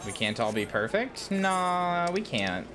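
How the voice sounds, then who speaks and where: A woman's voice: very deep voice, sing-song, brisk, noisy background. A woman chatting casually with viewers while she plays a game, teasing them by name. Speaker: streamer. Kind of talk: casual game-stream chat.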